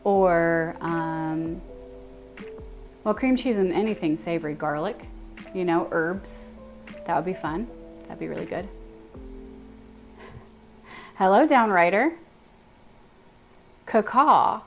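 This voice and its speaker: A woman's voice: fairly low pitch, a little slow, pauses often, darkish tone, soft background music. A woman with a Texan accent hosting a casual baking livestream, chatting and thinking aloud as she greets her viewers by name in her home kitchen.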